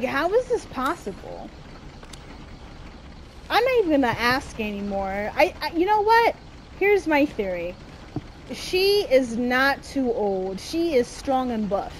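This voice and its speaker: A woman's voice: high-pitched, big pitch swings, slow, slight background noise. A woman giving casual horror game commentary, grumbling to her viewers and swearing often, with sudden screaming outbursts. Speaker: let's-play gamer.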